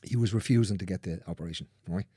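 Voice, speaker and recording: Speaking fast in a low, warm voice with a breathy edge, a manual therapist recounts client stories in casual talk. He's blunt and swears liberally as he performs people's lines, and the studio recording has no room sound.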